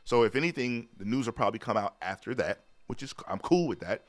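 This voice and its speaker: A man hosting a live-stream sports talk show, chatting loosely in slang, reading viewer comments aloud and shouting out viewers. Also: mid-range voice, animated, fast talker. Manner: loose slang-heavy chat, repeats "you know what I'm saying".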